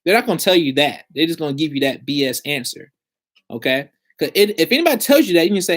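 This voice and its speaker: A man with a somewhat high-pitched voice talks straight to the camera in a casual advice vlog. He is blunt and streetwise, with plenty of slang, and sounds like someone explaining credit repair from his own experience. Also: big pitch swings, fast, a bit bright.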